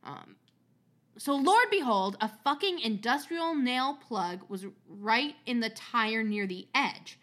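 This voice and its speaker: A woman with a slightly high voice reads a story aloud on a podcast. She keeps it casual and chatty, swears freely and laughs at her own asides. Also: lively intonation, takes it slowly, fairly bright tone.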